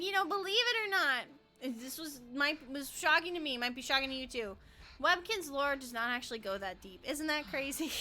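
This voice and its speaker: A woman's voice: high-pitched, sharp tone. A woman streaming a game, chatting casually, giggling and rambling, sometimes breaking into playful chants. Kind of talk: casual gameplay commentary.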